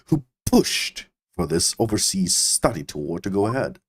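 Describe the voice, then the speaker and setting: A man voicing a weary, bumbling middle-aged police inspector in a low, slow, mumbling voice, reading game dialogue aloud. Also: big pitch swings, background noise. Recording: game music behind.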